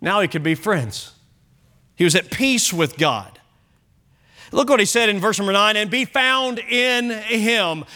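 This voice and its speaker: A man's voice: high-pitched, lively intonation, measured pace, pushed and bright. A man preaching an evening sermon as pastor, emphatic and repeating key phrases. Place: church service.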